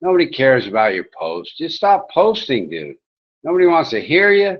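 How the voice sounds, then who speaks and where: A man's voice: on the high side, wildly swooping pitch, normal speed, highs cut off. A man hosting a livestream who rants at his chat, swearing and insulting viewers while drinking beer. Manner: abrasive, swearing, yelling at chat. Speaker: livestream host reading chat. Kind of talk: profane livestream rant.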